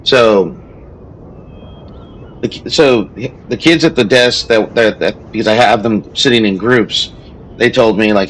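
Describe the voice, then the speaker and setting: A man's voice: lowish voice, measured pace, long pauses, a bit bright, a little hiss or hum, low-quality recording. Rambling man chatting while gaming. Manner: rambling storytelling with frequent restarts. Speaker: gameplay streamer and teacher. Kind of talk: casual chat while playing a strategy game.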